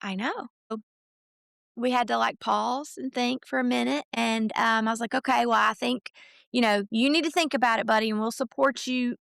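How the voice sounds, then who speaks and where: Woman, middle-aged, podcast guest, casual storytelling, strong vocal fry, dry close recording. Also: a little high, steady tone, moderate pace, a bit bright, no room sound. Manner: chatty, retells conversations in quoted voices, many fillers. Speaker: podcast guest, mother of a college football recruit.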